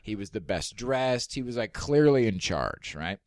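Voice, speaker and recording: A male comedian telling a story in casual chat, animated, swearing freely and acting out the voices of people he quotes. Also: fairly low pitch, a little slow, dry recording, clean studio sound.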